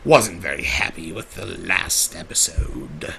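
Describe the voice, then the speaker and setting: A man's voice: deep voice, measured pace, gravelly, bright, forceful tone, a little hiss or hum, exaggerated voice. A man voicing Discord, a vain, theatrical male chaos spirit who calls people darling, drawls, sighs and laments melodramatically, in an improvised in-character Q&A livestream. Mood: smug, theatrical.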